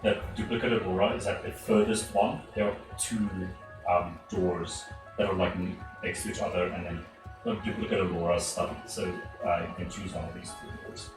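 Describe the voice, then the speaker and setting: A man narrating as game master, halting with lots of fillers. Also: low voice, little pitch movement, echoey room, distant mic, over music.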